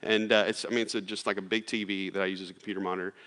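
A man's voice: low-pitched, little pitch movement, very fast, fairly bright tone. A man, preaching a sermon in a casual, storytelling way with plenty of "like" and restarts. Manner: casual, storytelling with lots of fillers. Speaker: pastor. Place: church sanctuary. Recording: long hall reverb.

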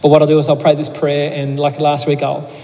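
A man preaching as a pastor, earnest, often restarting his words, then leading a slow prayer. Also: a little high, completely flat delivery, warm tone, lo-fi sound, a little hiss or hum. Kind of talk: sermon. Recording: long hall reverb.

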